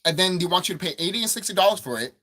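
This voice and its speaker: This man's voice is high and sharp, and he talks in a rapid-fire, animated burst. As a gaming commentator, he's ranting heatedly and with plenty of swearing about what video games cost, circling back to the same points as his anger builds.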